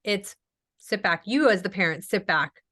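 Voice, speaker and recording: A woman's voice: mid-range voice, lively intonation, normal speed, a bit bright. A woman speech-language pathologist answering questions in a casual webinar, chatty with frequent ums and acted-out quotes.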